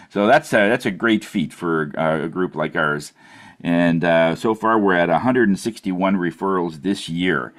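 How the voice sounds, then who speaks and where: A man hosting a business meeting in a relaxed way, reporting figures and handing over to the next speaker. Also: sits low, normal speed. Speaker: meeting host.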